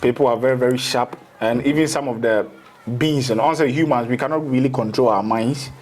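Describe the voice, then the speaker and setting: A man's voice: mid-range voice, a little fast, darkish tone. A man, a spiritual teacher in a casual interview, rambling through explanations and slipping into local phrases.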